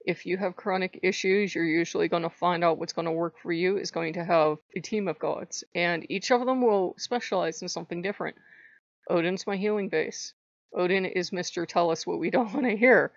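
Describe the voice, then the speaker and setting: Gravelly low-voiced woman, rambling chat. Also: fairly quick, no echo. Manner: rambling, chatty, swears casually. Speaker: channel host. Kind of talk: casual spiritual vlog chat. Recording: dull lo-fi dry sound.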